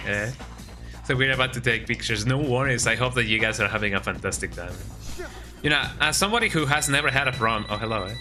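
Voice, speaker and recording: A man's voice: medium pitch, fast talker. A man streaming a game, chatting casually with viewers, joking and rambling, often tagging lines with "eh?". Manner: joking, rambling, says "eh?" a lot. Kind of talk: casual livestream chat. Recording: game music behind.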